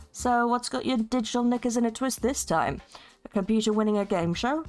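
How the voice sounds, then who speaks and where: A woman's voice: a little high, a little fast, darkish tone, soft background music. A woman streaming a text game, chatting in rambling asides and reading aloud.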